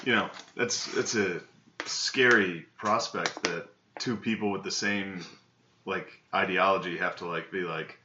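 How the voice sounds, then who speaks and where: A man's voice: low-pitched, steady tone, a little slow. A man co-hosting a podcast in casual chat, dropping dry, sarcastic remarks. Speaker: podcast co-host. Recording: dull, roomy mic with faint noise.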